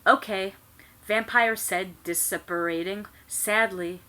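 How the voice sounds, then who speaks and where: A woman giving a comic dramatic reading at home, shouting the quoted lines and reading the punctuation aloud in a flat voice. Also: medium pitch, takes it slowly, low-quality recording. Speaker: guest reader.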